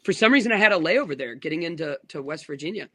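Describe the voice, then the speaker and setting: A man in his thirties who works as a pastor, telling a long story in casual conversation. His voice is bright and a little high for a man, and he rambles with asides and restarts. The recording is dry and close. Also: lively intonation, fast talker, no echo.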